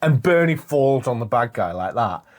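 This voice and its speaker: A man co-hosting a podcast, telling stories in casual chat and acting out scenes. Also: moderate pace. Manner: animated storyteller, acts out scenes in high voices. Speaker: podcast co-host.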